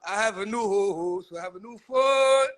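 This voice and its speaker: Young-sounding man with a very high voice, loose and rowdy, casual livestream talk. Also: moderate pace, a bit bright. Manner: rowdy, laughing, swearing banter.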